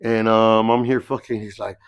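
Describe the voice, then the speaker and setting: A middle-aged man from the San Diego area tells rough stories in a relaxed, low-pitched voice, swearing freely and checking in with "you know what I mean." The sound is close and dry. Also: normal speed, no room sound. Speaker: podcast guest. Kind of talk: casual storytelling, heavy cursing.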